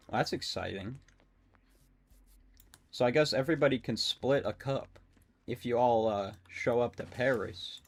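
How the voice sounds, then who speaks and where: A young adult man streaming a game, rambling and excitable, swearing often and talking to his chat. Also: mid-range voice, a little slow, long pauses. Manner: talks to chat. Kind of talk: casual live-stream commentary while gaming.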